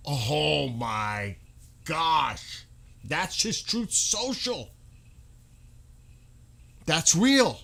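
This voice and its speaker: Excitable man live-streaming reactions. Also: on the high side, very slow, gravelly, pauses often. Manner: excitable, swearing, exclaims in disbelief.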